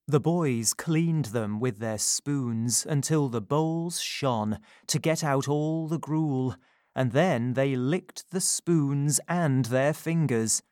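A man reading a classic story aloud in a calm, measured narration. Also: medium pitch, clear, resonant tone, dry recording, studio quality.

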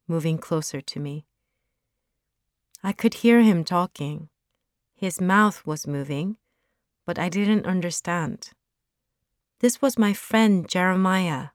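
A woman narrating a story aloud in a slow, careful reading. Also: lowish voice, no echo, clean studio sound.

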